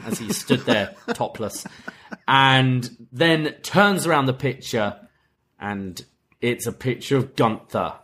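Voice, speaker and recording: A man co-hosting a wrestling review podcast, talking at an ordinary mid pitch. He retells events in loose, casual chat. He laughs as he goes and puts on quick voices for the quotes. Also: lively intonation, fairly bright tone. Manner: laughs while retelling, acts out quoted lines.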